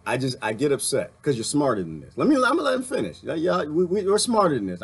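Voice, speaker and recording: A man delivering an impassioned political rant, fiery and heated, swinging between outbursts and muttering to calm himself. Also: fairly high pitch, fast, gravelly, few pauses, slightly rough. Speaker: commentary vlogger.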